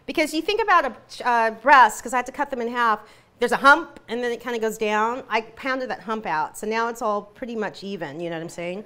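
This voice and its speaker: A woman's voice: fairly high pitch, fairly quick, bright, forceful tone. A woman hosting a live cooking demonstration, chatty and giggly. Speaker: cooking show host.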